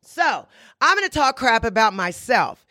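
A woman's voice: fairly high pitch, very animated, measured pace, sharp tone, no room sound, clean studio sound. A woman podcast host talking in a blunt, sassy, emphatic way, repeating phrases for punch. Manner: blunt, boastful self-talk. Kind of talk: casual monologue.

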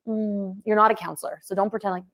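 A woman with a gravelly, creaky edge to her voice, co-hosting a marriage podcast. She talks in a loose, chatty way and keeps acting out example phrases with a lively delivery. Her pitch sits in an ordinary middle range. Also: quick pace. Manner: animated, acts out example phrases. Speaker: podcast co-host, marriage coach. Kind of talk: casual podcast chat.

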